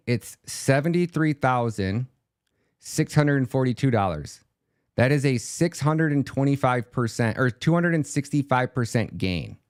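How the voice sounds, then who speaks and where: A man hosting a podcast in a loose, chatty monologue, full of fillers, who acts out quoted back-and-forth dialogue. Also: medium pitch. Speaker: podcast host. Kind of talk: casual monologue.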